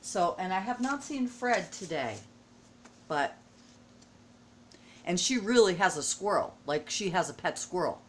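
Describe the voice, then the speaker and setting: A woman's voice: fairly low pitch, sing-song, a little slow, long pauses, slight background noise. A middle-aged woman vlogging at home, opening a package with gushing, emotional exclamations. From United States. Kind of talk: casual vlog unboxing. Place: at home indoors.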